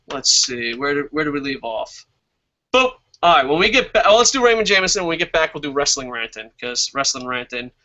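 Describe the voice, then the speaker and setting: A man's voice: medium pitch, bright, forceful tone. A man hosting a casual wrestling review stream, reading viewer comments aloud, swearing freely and laughing at his own jokes. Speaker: wrestling show host.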